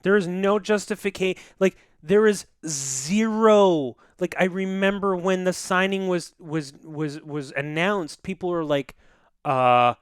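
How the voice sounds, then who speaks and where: Male podcast co-host, smooth voice, rambling and jokey, swears freely, dry close mic. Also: sits high, unhurried, no echo. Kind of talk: casual podcast chat.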